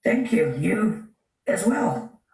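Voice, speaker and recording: A woman hosting a casual live stream chat who laughs often and talks in an animated way. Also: mid-range voice, slow, gravelly, heavy background noise.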